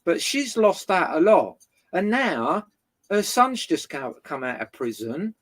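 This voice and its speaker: Loud, lively and unhurried, a medium-pitched guest walks through a long neighbour feud during casual chat. Swear words come constantly as he animatedly relives the story.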